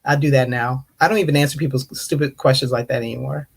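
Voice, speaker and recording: This livestream host from the United States, a bit tipsy on wine, casually greets and answers viewers in an open online panel, acting out others' rude questions in mocking voices during animated stories. The mid-range voice is fast, creaky, and breathy-edged.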